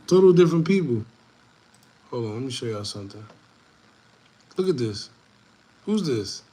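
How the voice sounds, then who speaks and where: Animated man talking to viewers. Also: medium pitch, normal speed, husky. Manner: animated, repetitive, laughing asides. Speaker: show host. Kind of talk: casual commentary to viewers.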